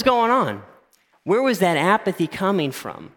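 Preacher in a reverberant hall. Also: male voice, sits high, measured pace. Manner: animated, acts out voices in anecdotes. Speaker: pastor. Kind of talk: sermon.

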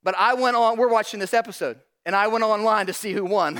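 A middle-aged man with a high voice preaches a sermon. He tells stories in an animated way and talks straight to the congregation in front of him. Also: brisk. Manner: animated storytelling, addresses audience directly. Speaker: pastor.

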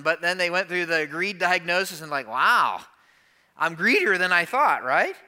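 A man's voice: fairly high pitch, sharp tone. A man preaching a conversational sermon as a pastor, asking the congregation rhetorical questions and acting out their objections.

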